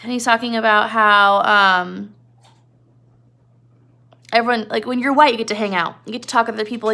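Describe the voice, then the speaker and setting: A woman's voice: medium pitch, creaky, pushed and bright. A woman teacher giving a casual literature lesson, explaining in a chatty way with many fillers.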